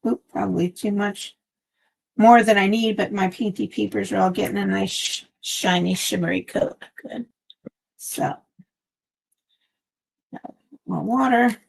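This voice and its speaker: Chatty gravelly-voiced woman crafting live. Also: medium pitch, normal speed. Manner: chatty, meandering, trails off with fillers. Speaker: craft channel host. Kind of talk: casual live-stream chat while crafting. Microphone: phone.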